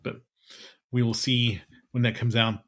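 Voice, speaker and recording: A man's voice: medium pitch, level tone, unhurried, fairly bright tone. A man co-hosting a podcast in casual chat, rambling and laughing easily. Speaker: podcast co-host.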